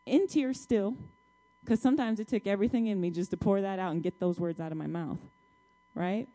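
A woman's voice: medium pitch, brisk, mellow. A married woman telling her testimony to a congregation in a colloquial, emphatic storytelling style, talking straight to her listeners. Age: adult, married, child-bearing years. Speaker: church speaker sharing a testimony.

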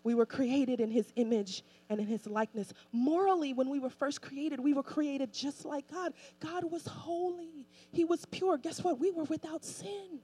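Woman preacher, high-pitched, casual but forceful delivery, hammers lines by repetition. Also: moderate pace, hardly any pauses. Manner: emphatic, repetitive, colloquial preaching. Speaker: pastor. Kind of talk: sermon.

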